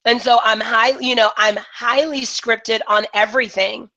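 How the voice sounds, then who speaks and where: A woman business coach leading a live online coaching session, talking with emphasis and excitement. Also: fairly high pitch, a little slow, muffled recording.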